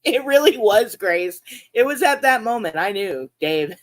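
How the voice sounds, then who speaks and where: A woman, hosting her aquarium vlog and chatting casually, laughing often and jumping into high-pitched reenactments of her own reactions. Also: lively intonation, unhurried. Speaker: aquarium channel host. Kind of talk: casual chat to livestream viewers.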